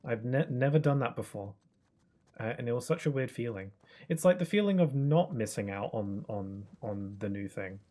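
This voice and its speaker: A man's voice: medium pitch, animated, normal speed, dark tone. Rambling young man streaming a game. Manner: rambling, with many fillers and restarts. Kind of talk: casual live-stream gaming chat.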